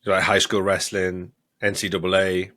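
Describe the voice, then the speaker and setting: Excitable low-voiced man. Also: normal speed. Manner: excitable, swears a lot, laughs often. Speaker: podcast co-host. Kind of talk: casual chat.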